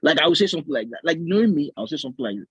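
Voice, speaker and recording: A man with a Nigerian accent, co-hosting a podcast and telling stories in animated casual chat, laughing often and slipping into Nigerian slang. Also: on the high side, very fast, breathy edge, no echo, muffled recording. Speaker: podcast co-host.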